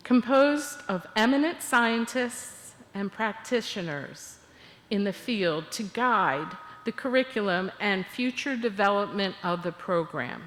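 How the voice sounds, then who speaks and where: An older woman guest speaker leading a congregation in laughter exercises, animated and coaxing. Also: medium pitch, a little slow. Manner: animated, coaxing, bursts into cheering and chanting. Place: church sanctuary. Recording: long hall reverb.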